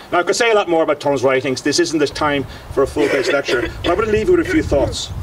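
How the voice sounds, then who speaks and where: A man's voice: fairly high pitch, a bit bright, far from the mic, a little hiss or hum. A middle-aged Irish man, a historian, delivering a passionate commemorative address outdoors with emphatic lecturing and frequent fillers.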